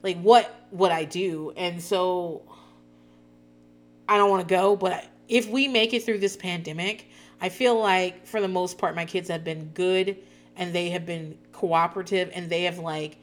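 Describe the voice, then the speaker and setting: A woman in her thirties chatting casually as a podcast host, profane and quick to laugh. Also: fairly low pitch, soft background music. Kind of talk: casual chat recapping a reality show.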